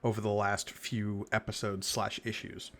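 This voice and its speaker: A man hosting a casual podcast, relaxed and deliberate, laughing easily with his co-host. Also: lowish voice.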